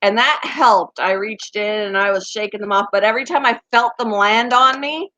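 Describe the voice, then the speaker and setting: A woman hosting a casual chat with her viewers, talking fast and laughing often. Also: mid-range voice, pushed and bright, no echo. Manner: chatty, laughs often, baby talk to pets. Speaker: pet channel host. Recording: dry, slightly muffled home recording.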